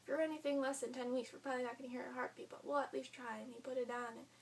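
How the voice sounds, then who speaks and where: A woman's voice: high voice, fairly even intonation, very fast, gravelly. Young woman rambling thru her story, lots of "like", bit far from the mic, faint hum. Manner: chatty, frequent "like", quoting others in her own voice. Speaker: vlogger. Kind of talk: casual storytelling.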